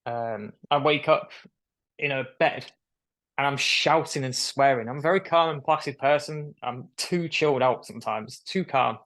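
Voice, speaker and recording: A man's voice: medium pitch, normal speed. Young man telling a story. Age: young adult. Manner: animated storyteller who acts out quoted voices. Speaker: guest. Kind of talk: casual storytelling interview. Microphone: video call.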